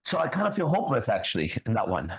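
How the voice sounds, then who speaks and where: A man's voice: mid-range voice, wildly swooping pitch, racing, creaky, poor audio. A man hosting a ministry talk show, preaching bluntly with swearing and constant rhetorical questions.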